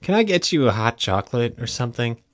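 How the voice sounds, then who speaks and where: A male audiobook narrator voicing a smug, calm young man who speaks in a smooth, easy, unbothered tone. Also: medium pitch, moderate pace, no echo, clean studio sound, natural voice.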